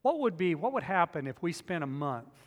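High-voiced man preaching in a hall. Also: big pitch swings, brisk. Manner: emphatic preaching with repetitions, storytelling asides. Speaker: pastor. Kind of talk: sermon.

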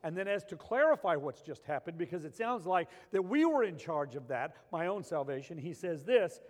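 A man preaching a sermon, animated, swinging between loud emphasis and quiet, intense passages. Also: a little high, moderate pace, in a large hall. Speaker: pastor.

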